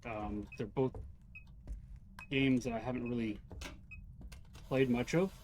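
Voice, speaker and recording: A man's voice: mid-range voice, steady tone, slow, darkish tone, a little hiss or hum. A middle-aged man streaming a ghost-hunting game live, chatting casually and playfully calling out to the ghost over and over. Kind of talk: casual live gameplay chat.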